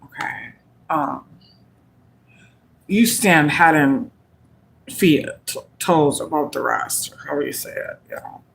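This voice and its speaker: Woman, tarot reader, casual livestream, slow speech, many fillers. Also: low voice, creaky, low-quality recording. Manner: chatty, filler-heavy, slow and drawn out; giggly, fighting fits of laughter. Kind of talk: live-streamed tarot reading.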